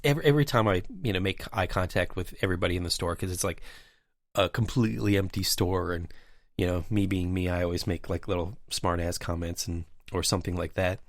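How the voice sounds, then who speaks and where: A man with a very low voice tells a casual, wandering anecdote, full of "you know" and "um." The sound is dry with no room echo. It sounds like relaxed podcast chatter between colleagues. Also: brisk. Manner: rambling anecdotal storyteller, many fillers. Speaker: podcast host. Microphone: remote call mic.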